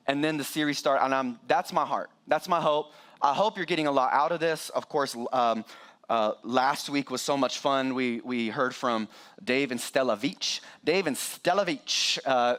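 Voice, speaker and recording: A middle-aged man preaching a sermon as pastor, animated and joking with the congregation. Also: fairly high pitch.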